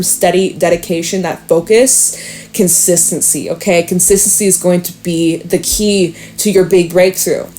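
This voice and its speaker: A woman's voice: lowish voice, dark tone, slight background noise. A young adult woman giving a casual spoken tarot reading, chatty and emphatic, swearing now and then and using lots of fillers. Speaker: tarot reader.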